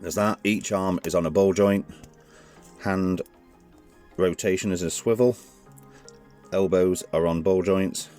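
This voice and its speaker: A man's voice: deep voice, steady tone, unhurried, pauses often, a little mellow, soft background music. A man casually reviewing toys hands-on, chatty and rambling, often correcting himself mid-sentence. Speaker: toy reviewer.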